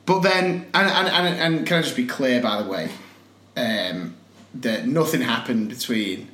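A man's voice: medium pitch, lively intonation, measured pace, fairly bright tone. Laughing man telling a story. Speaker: podcast co-host. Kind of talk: casual banter. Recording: echoey room.

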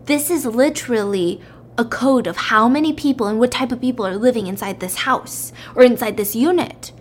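A woman casually retelling a story, animated and acting out the characters' lines in raised voices. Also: fairly high pitch, normal speed.

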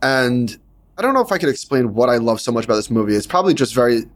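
Middle-aged male co-host, rapid-fire casual banter, animated. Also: mid-range voice. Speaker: podcast co-host. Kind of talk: casual chat.

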